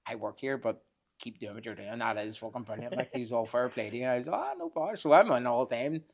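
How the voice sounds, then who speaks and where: Give me a man, cursing his way through lively stories in a casual chat. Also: medium pitch, fast. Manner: swears freely, animated anecdotes. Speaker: podcast guest.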